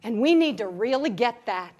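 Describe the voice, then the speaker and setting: Lively high-voiced woman spiritual teacher. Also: normal speed. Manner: animated storytelling, playful, keeps asking "right?". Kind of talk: inspirational talk to a live audience. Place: room with an audience.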